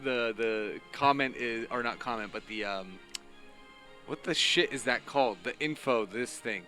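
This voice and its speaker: A man's voice: mid-range voice, measured pace, pushed and bright, faint music behind. A laid-back man co-hosting a stream, talking casually with frequent restarts. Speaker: stream co-host. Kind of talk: casual chat.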